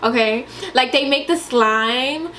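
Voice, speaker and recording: A young woman chatting in a casual question-and-answer vlog, dramatic and animated, laughing often and swearing. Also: high-pitched, takes it slowly, slight background noise. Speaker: vlogger.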